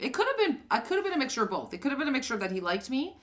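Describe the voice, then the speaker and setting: A woman's voice: medium pitch, big pitch swings, rapid-fire, hardly any pauses, fairly bright tone. A woman, probably in her thirties, co-hosting a podcast and telling a dating story with many fillers and acted quotes. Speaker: podcast co-host. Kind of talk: casual chat.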